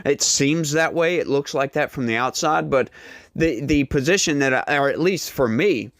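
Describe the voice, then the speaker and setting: A man's voice: a little high, normal speed, dry recording. Casual, rambling man on a dry mic. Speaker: panel guest. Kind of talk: casual debate remark.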